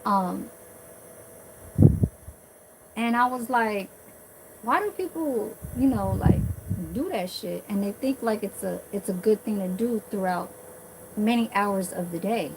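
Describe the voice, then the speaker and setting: A woman's voice: mid-range voice, takes it slowly, pauses often, heavy background noise. A woman vlogger talking in a blunt, profane, rambling way, full of fillers and restarts. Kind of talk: casual rambling monologue.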